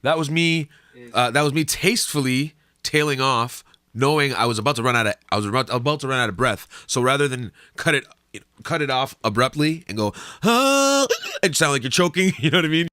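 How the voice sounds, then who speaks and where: A man's voice: medium pitch, a little fast, sharp tone, no echo, studio quality. A man teaching singing and rapping, breaking into sung notes and rap lines to show each point. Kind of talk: vocal lesson with sung examples.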